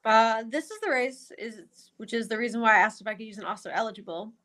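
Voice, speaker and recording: A woman guest analyst talking through her picks in detail, quick and chatty. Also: on the high side, fairly bright tone. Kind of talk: casual handicapping podcast chat.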